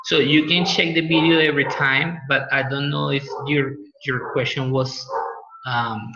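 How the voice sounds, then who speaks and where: A man's voice: mid-range voice, background noise. Male teacher, echoey dull audio. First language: Spanish. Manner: explaining patiently, repeats words for pronunciation. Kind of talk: online class lecture.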